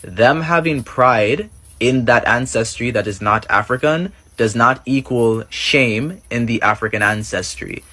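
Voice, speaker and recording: A man hosting a reaction video, giving measured, explanatory commentary. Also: mid-range voice, bright, forceful tone, no echo. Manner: measured, informative.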